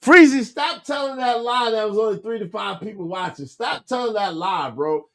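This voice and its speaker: A man's voice: high-pitched, lively intonation, normal speed, a bit bright, dry recording. A man hosting a casual livestream, reading viewer comments aloud and calling out guests and viewers by name. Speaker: show host.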